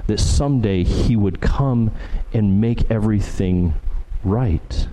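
A man's voice: lowish voice, slow, background noise. A man preaching a verse-by-verse sermon as pastor, earnest and building emphasis through repeated phrases. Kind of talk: expository sermon.

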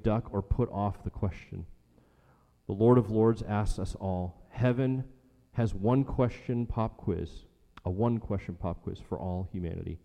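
Man, pastor, sermon, emphatic repetition, dark mellow tone, long hall echo. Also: fairly low pitch, gravelly. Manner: emphatic, rhetorical, repeats key lines.

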